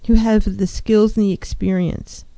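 A woman's voice: medium pitch, little pitch movement, measured pace, vocal fry, mellow, no room sound. A middle-aged woman, a licensed counselor hosting a show, giving earnest advice and acting out clients' voices. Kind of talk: talk show monologue.

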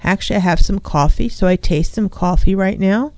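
Speaking fairly quickly in a darkish, medium-pitched voice, a woman therapist hosts a radio talk show into a studio microphone, wearing headphones, in a small studio with no echo. She's reflective, talking about feelings in the first person.

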